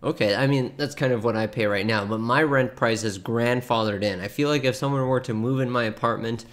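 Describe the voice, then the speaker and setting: A man's voice: medium pitch, a little fast. Chatty man laughing through reactions. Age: 30s. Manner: chatty, laughs often, reads posts aloud with asides. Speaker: streamer reacting to online posts. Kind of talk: casual reaction commentary.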